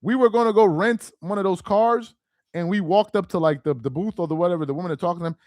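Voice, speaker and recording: Talking fast in a high voice with a somewhat dark tone, a man hosts a casual live stream and responds animatedly to viewer comments. He laughs easily and often repeats what he's said. The sound is studio quality without echo.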